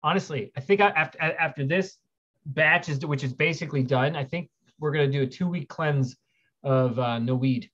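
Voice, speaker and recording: A man's voice: on the high side, moderate pace, a bit bright. A man hosting a casual livestream, rambling as he reads viewer questions aloud and answers them. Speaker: livestream host. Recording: dull lo-fi stream audio.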